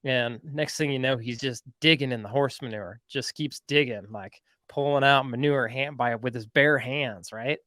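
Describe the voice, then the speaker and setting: A man's voice: medium pitch, moderate pace, few pauses, fairly bright tone, no echo. A man hosting a podcast, telling a story in a casual, rambling way, full of "like" and "right?". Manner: chatty, rambling, lots of "like" and "right?". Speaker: podcast host.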